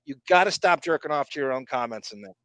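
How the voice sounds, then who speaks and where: A male podcast host talking in a rambling, profane, excitable way. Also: medium pitch, fast talker, clean tone, dry recording. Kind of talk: casual podcast chat.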